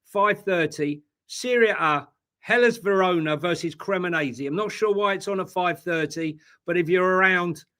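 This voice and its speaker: A man's voice: high-pitched, moderate pace, a bit bright. A man co-hosting a casual football chat show, emphatic and teasing, full of banter. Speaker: co-host.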